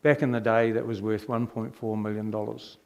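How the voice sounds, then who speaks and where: A man's voice: lowish voice, moderate pace, creaky. Middle-aged New man telling his testimony. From New Zealand. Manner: animated, rhetorical questions to the audience. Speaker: speaker giving his testimony. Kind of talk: personal testimony storytelling.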